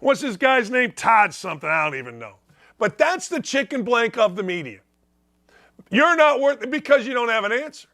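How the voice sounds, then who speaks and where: A man's voice: very high voice, big pitch swings, moderate pace, sharp tone. A middle-aged man hosting a sports talk show, ranting emphatically with rhetorical questions. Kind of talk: opinionated sports talk commentary.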